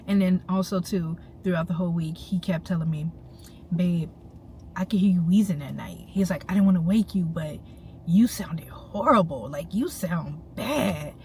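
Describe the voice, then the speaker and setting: A young woman telling a story straight to her viewers in an animated, slangy way while she drives. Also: fairly low pitch, distant mic, low-quality recording. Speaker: vlogger. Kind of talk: casual storytelling to camera. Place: inside a car while driving. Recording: loud car road noise. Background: loud road and engine noise.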